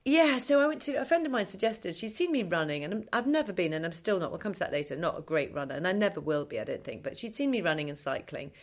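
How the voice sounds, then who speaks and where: Woman guest, middle-aged, lowish voice, animated storytelling, laughs a lot. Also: fast talker, hardly any pauses. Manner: animated, self-mocking, laughs often. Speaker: podcast guest. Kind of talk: chatty storytelling interview.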